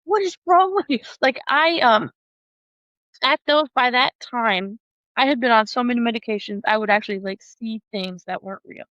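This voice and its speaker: A woman who is a podcast guest, telling a personal story in an animated way, often laughing and acting out the voices of other people. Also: a little high, moderate pace, no room sound, highs cut off.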